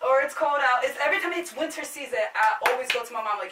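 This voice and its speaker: A woman's voice: sits high, quick pace, few pauses, background noise. A woman from New Jersey ranting in a casual vlog, emphatic and exasperated, swearing as she complains. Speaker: vlogger. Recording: echoey room, mic at a distance.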